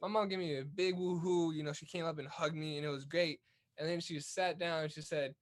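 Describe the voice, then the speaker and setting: A man's voice: on the high side, steady tone, fairly quick. A young man from California's Central Valley, a boxer talking earnestly as a guest in a casual interview, often repeating words as he goes. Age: young adult.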